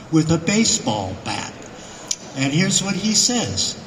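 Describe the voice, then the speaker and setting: A man guesting on a convention panel, telling animated anecdotes to a live audience and acting out the voices in his quotes. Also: a little high, measured pace, a little hiss or hum. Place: convention hall. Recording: echoey hall, miked from afar.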